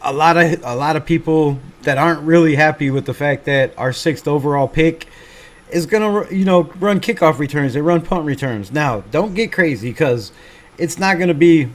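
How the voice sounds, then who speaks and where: A man's voice: a little high, moderate pace. A man hosting a fan livestream, chatting casually and reading out viewer comments in a laid-back, swearing, self-mocking way. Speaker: fan channel livestream host.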